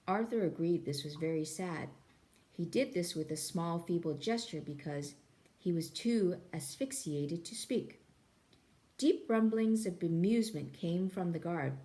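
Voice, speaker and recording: A woman reading a novel aloud in an expressive, playful way. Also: on the low side, unhurried. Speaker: reader.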